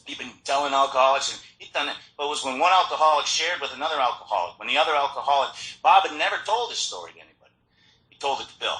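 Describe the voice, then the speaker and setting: A man giving a personal recovery talk at a meeting, telling his story in an animated way with frequent restarts, recorded in an echoey meeting hall. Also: mid-range voice, rapid-fire. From Florida.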